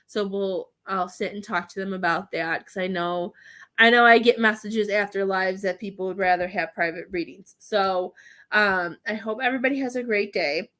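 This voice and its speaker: A woman's voice: medium pitch, normal speed, fairly bright tone. A woman chatting casually with viewers on a livestream, rambling and laughing often as she offers readings. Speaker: psychic medium livestreamer.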